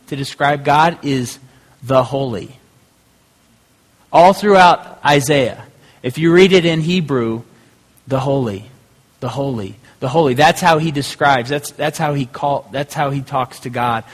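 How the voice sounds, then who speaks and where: A man preaching a sermon as pastor, talking conversationally and often restarting his phrases. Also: mid-range voice. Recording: hall with long reverb.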